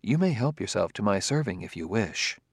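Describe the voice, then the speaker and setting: A man doing a calm, formal robot. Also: mid-range voice, moderate pace, no room sound, clean studio sound. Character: calm precise male humanoid robot.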